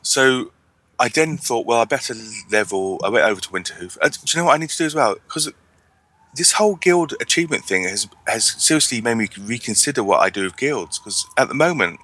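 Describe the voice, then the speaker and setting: A man's voice: mid-range voice, expressive, fairly quick, bright, forceful tone, no echo. A man co-hosting a casual podcast chat, wry and rambling, with frequent restarts. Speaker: podcast co-host.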